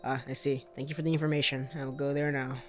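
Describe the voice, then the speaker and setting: A woman who is sick voices a stiff, literal-minded businessman who talks in flat, formal phrases. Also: a bass voice, fast talker, faint music behind, voice pushed down.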